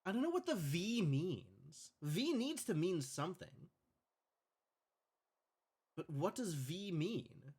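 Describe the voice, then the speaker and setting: A man's voice: sits high, big pitch swings, takes it slowly, pauses often, darkish tone, breathy edge. A man streaming a puzzle game live, thinking aloud as he plays.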